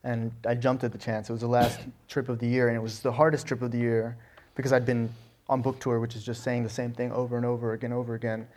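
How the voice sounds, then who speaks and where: A middle-aged man from Alabama talks quickly in a fairly level tone. He tells stories in an interview and keeps stumbling into restarts and "you know"s. He sounds like a guest chatting easily. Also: mid-range voice. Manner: animated storyteller with frequent restarts and "you know". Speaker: guest, novelist. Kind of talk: conversational interview answers.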